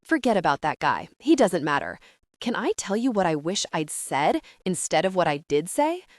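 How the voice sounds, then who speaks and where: A woman's voice: wildly swooping pitch, moderate pace, no room sound. An earnest teenage girl in an audiobook, her voice climbing and swooping as she apologises in a rush, read by a woman narrator. The sound is close and dry, with no room around it. She tumbles over her own words. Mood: contrite. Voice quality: voice rising squeaky when flustered. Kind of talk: audiobook character reading.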